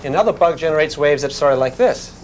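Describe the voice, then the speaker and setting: Male physics teacher, lively classroom lecture, somewhat high voice, bouncy intonation, faint room hiss. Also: fast talker. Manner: animated, folksy, calls the class "gang".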